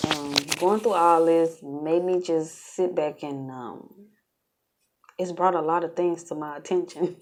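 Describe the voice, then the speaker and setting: A woman's voice: sits low, a little mellow. A woman vlogging in a casual, chatty way, talking straight to her viewers and laughing often. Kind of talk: casual storytelling vlog.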